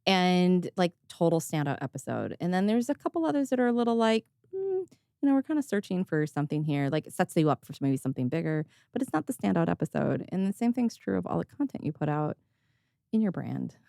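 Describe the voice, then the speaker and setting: A woman's voice: on the low side, big pitch swings, quick pace, gravelly, dark tone, no echo, clean studio sound. Frank, chatty woman hosting a podcast. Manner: candid, chatty, swears casually; laughs often. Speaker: podcast host. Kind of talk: casual conversational chat.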